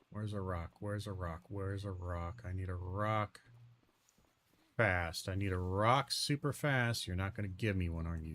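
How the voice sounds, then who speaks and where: A man narrating his own gameplay, muttering and cursing in exasperation, with sudden loud outbursts. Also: deep voice, a little hiss or hum. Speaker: gaming video host. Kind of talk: let's-play commentary.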